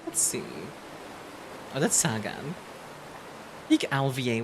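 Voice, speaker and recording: Young woman streamer, low voice with wild swings in pitch, playful and chatty, faint music behind. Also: huge pitch swings, slow, pauses often. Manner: chatty and playful, laughing often, rambling asides to chat. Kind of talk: casual live-stream game commentary.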